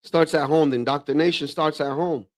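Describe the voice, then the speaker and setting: A man's voice: a little high, fairly quick, dry recording. Slangy man hosting a dry-sounding livestream. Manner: slangy, peppers speech with "bro" and "man"; animated, drops into mock voices of relatives. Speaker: livestream host. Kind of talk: casual reaction commentary.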